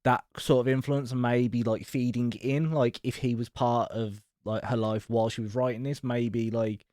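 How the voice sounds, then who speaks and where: A man's voice: medium pitch, steady tone, normal speed, a little mellow, dry recording, clean studio sound. Chatty man, hedging podcast host. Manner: chatty, hedging with many likes and maybes. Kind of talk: casual album review chat.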